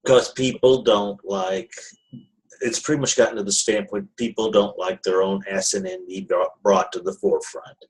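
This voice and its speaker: A man's voice: on the low side, level tone, normal speed, low-quality recording. A man co-hosting a casual podcast, making blunt, dry remarks. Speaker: podcast co-host. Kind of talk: casual chat.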